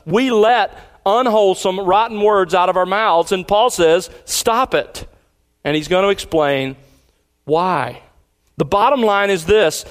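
A man preaching a sermon, deliberate and emphatic, repeating key lines slowly for weight. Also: sits high. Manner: deliberate preaching cadence with pauses. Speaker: pastor.

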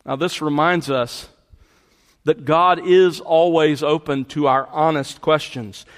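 A man's voice: fairly high pitch, fairly bright tone, in a large hall. A man preaching a verse-by-verse sermon, stressing key words and repeating phrases for emphasis. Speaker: pastor. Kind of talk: expository sermon.

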